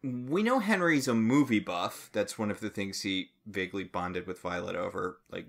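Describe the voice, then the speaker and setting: A man's voice: fairly low pitch, moderate pace, vocal fry, a bit bright. A man co-hosting a podcast, reacting to a book recap in casual chat with incredulous, swearing rants. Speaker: podcast co-host.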